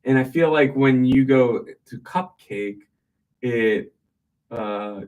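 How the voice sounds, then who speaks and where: A man's voice: medium pitch, slow, distant mic, narrow, tinny audio. A man in casual small talk who rambles, hesitates often and laughs. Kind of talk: casual chat.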